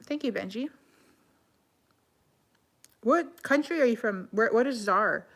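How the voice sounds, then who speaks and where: Chatty woman, fairly high voice. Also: lively intonation. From Canada. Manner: chatty, heavy use of "like", quick self-corrections. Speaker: livestreamer reading comments. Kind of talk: casual live-stream chat.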